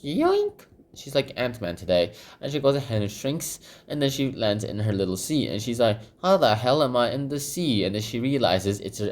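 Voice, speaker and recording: A man casually summarizing a children's book while sketching, rambling with lots of fillers and repeated phrases. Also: fairly low pitch. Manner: rambling, filler-heavy, repeats "goes ahead".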